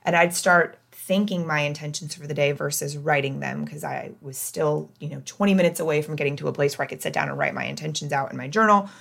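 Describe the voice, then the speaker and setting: A woman hosting her own podcast, talking candidly in a casual self-help monologue that swings between lively and hushed. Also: low voice, quick pace, vocal fry, few pauses. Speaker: podcast host.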